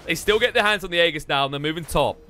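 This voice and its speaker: A man casting a live video game match with rapid, excitable play-by-play. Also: on the high side, faint music behind. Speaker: esports caster.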